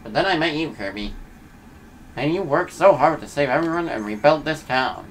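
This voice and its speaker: A man's voice: fairly high pitch, lively intonation, moderate pace, slight background noise, poor audio. A man reading aloud the lines of a small, friendly Waddle Dee townsperson from a game. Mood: earnest.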